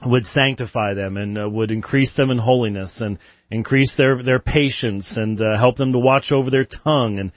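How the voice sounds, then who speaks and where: A man's voice: mid-range voice, normal speed, no echo, muffled recording. A man hosting a live call-in show, chatting loosely with chuckles and answering Bible questions. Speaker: radio show host.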